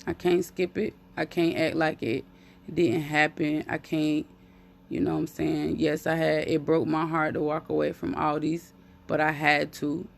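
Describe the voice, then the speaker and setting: Speaking into her phone on a live stream, a woman with a low, gravelly voice keeps a level tone and an unhurried pace. Her heartfelt monologue is candid and profane, and she repeats phrases for emphasis.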